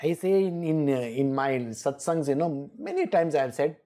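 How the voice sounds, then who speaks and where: A woman's voice: low-pitched, moderate pace, mellow. A woman giving a scripture exposition, emphatic and scolding, often laughing. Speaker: spiritual teacher.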